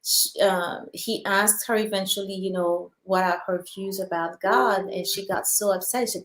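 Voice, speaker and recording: A woman's voice: mid-range voice, steady tone, a bit bright. A woman hosting a conversation, affirming often and telling a story with many restarts. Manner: supportive listener, many small affirmations, halting when telling stories. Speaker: podcast host. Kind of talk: casual conversational chat. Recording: echoey room.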